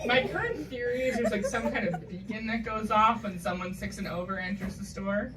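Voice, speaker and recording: A woman's voice: mid-range voice, a little fast, a crowd in the background. A woman doing a stand-up comedy set, telling wry, self-deprecating stories with punchy asides, from New England. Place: comedy stage before a live audience. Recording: live stage recording, mic from a distance, loud audience.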